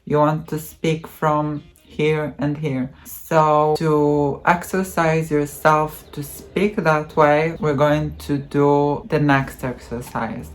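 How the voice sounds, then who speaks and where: A woman teaching voice exercises, demonstrating hums and counting in a slow, patient way. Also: low-pitched, flat delivery. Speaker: voice coach. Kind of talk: voice training tutorial.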